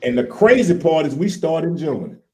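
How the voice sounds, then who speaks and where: A man, co-hosting a casual chat in a folksy, animated way. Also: a little high, normal speed. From Louisiana. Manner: animated, repeats "look here", folksy. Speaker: co-host.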